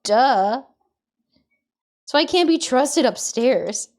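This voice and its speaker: A woman from Michigan chatting casually on a live stream while she cooks, swearing freely and often dropping to a quiet mutter. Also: on the high side, big pitch swings, takes it slowly. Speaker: livestreamer.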